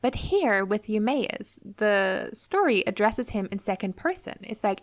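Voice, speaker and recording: A woman hosting a podcast, retelling a classic story in a casual, lively way and slipping into playful voices for the characters. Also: medium pitch, unhurried, hardly any pauses, dry recording. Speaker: podcast host.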